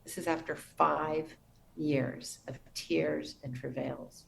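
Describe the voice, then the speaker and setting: A middle-aged woman, a podcast guest, telling a personal story in an earnest, reverent way with soft restarts. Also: sits low, fairly even intonation, takes it slowly, creaky, a little hiss or hum, poor audio.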